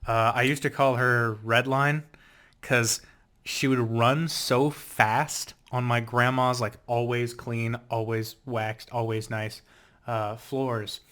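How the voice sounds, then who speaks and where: A man's voice: medium pitch, slow. Rambling young man telling stories. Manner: rambling, animated storytelling with laughs and filler words. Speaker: vlogger. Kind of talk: casual rambling vlog chat.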